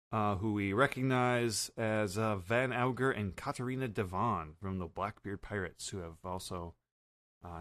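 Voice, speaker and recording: Halting casual male podcast host. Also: on the low side, a bit bright, smooth, no room sound, clean studio sound. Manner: many fillers, halting. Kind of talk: casual episode recap.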